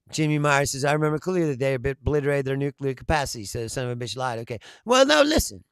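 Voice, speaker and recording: A man's voice: mid-range voice, big pitch swings, quick pace, clear, resonant tone, no room sound. A man hosting a casual political comedy chat, reading out viewer comments, swearing a lot and laughing often as he rants.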